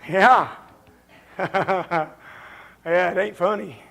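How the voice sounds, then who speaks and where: A man preaching a folksy, confrontational revival sermon as a visiting preacher in a church, building up to shouting. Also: high-pitched, very slow, gravelly. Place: church during a revival service.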